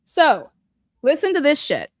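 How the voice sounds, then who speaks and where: A woman's voice: high voice, wildly swooping pitch, unhurried, dry recording, studio quality. A woman hosting a true crime podcast, talking bluntly and profanely as she walks through a case with plenty of fillers. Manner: profane and blunt, retelling events with lots of fillers. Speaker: host.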